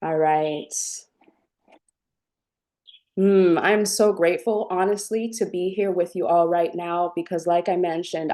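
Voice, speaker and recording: A woman with a lowish voice hosts a live-streamed spiritual talk on her channel. She speaks gently and affectionately to her viewers while reading their chat.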